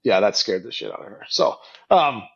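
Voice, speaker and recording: A middle-aged man telling stories in a casual podcast interview, animated and quick to act out what others said. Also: lowish voice, creaky, slightly rough, muffled recording. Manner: animated storyteller, acts out quoted voices, frequent "like". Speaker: guest, company co-founder and CEO.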